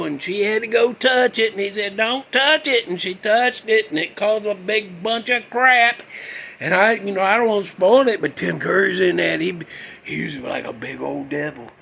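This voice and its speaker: A man hosting his own show, chatting casually and in a rambling way about an old movie, breaking into sudden excited whoops. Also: high voice, creaky, a little hiss or hum. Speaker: host.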